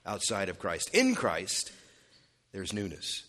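Pastor with a low, emphatic voice. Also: male voice, animated, a little slow, fairly bright tone. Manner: emphatic, rising and dropping for stress; conversational asides with fillers. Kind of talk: expository sermon.

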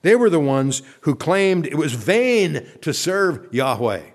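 A male pastor delivers a sermon slowly but with great animation. He speaks earnestly, reads long passages of scripture aloud, and lets his voice fall soft and low as each phrase ends.

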